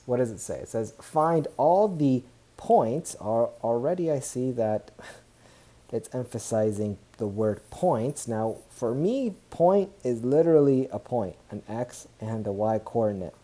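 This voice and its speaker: Math teacher, man, very dark mellow tone, talky, self-correcting, upbeat. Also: fairly low pitch, lively intonation, moderate pace. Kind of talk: recorded tablet math lesson.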